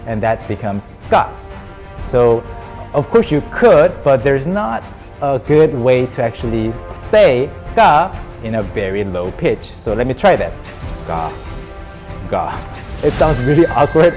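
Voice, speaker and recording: A man teaching a pronunciation lesson at an ordinary middle pitch. His voice rises and falls freely as he explains. He patiently demonstrates each example syllable aloud, with soft music underneath. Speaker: language teacher.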